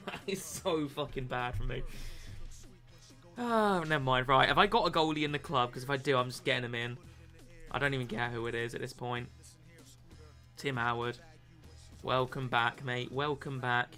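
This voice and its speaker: A young British man streaming a football game, swearing, self-mocking and excitable. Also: medium pitch, normal speed, long pauses, faint music behind. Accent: British English. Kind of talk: gaming live stream commentary.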